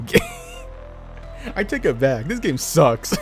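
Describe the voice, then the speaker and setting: A man doing casual gameplay commentary as a streamer, reacting excitably and laughing often. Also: medium pitch, slow, pauses often, music in the background.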